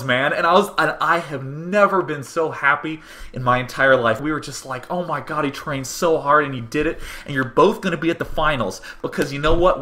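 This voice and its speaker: A man's voice: medium pitch, bright, forceful tone. A young man recalling a tournament in earnest, conversational storytelling, with plenty of fillers. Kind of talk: reflective storytelling.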